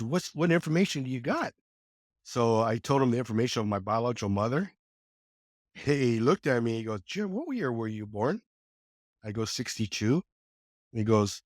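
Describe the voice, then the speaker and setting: A man in his sixties tells his story with swinging, expressive intonation, jumping up in pitch whenever he voices someone else. His voice sits in a middle register and the recording is close and dry, with no room sound. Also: no echo. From California. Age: 60s. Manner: animated, acts out quoted dialogue with lively pitch jumps. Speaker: podcast guest. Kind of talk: conversational storytelling.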